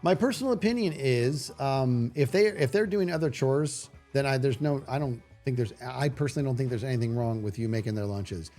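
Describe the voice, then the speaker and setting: A man in his forties, a livestream host telling a story in a casual way, animated and rambling, with many restarts. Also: medium pitch, brisk, few pauses, faint music behind.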